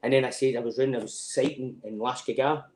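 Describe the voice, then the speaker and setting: A man's voice: mid-range voice, steady tone, quick pace, a little mellow, roomy sound. Swearing Scottish man telling army stories. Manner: swears freely, laughs through his stories, acts out quoted voices. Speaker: podcast guest. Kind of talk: casual storytelling chat.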